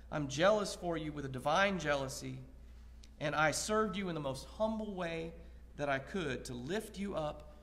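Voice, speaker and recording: A man preaching an evening lesson in a church sanctuary, his high voice carried by a long, ringing reverb. He speaks earnestly and builds his points through rhetorical questions and paraphrased scripture. His tone stays bright and forward throughout. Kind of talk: evening Bible lesson sermon.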